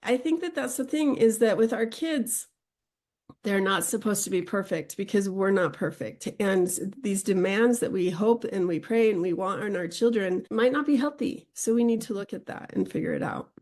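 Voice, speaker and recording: Brief: woman podcast host, mid-pitch, earnest, encouraging, rushes when making a point. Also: expressive, darkish tone. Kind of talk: casual podcast conversation.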